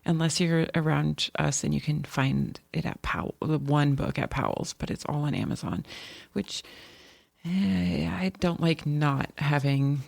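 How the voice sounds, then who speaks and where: Brief: woman co-host, gravelly fry, chatty and rambling, dry close sound. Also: low-pitched, fairly even intonation, a little slow, darkish tone, no room sound. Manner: chatty, rambling with frequent restarts. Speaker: podcast co-host. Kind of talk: casual chat.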